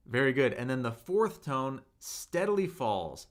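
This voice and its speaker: A man's voice: medium pitch, big pitch swings. A man teaching a live-streamed Mandarin lesson, patiently drawing out tone drills and answering chat questions. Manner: slow, patient, drawn-out tone demonstrations.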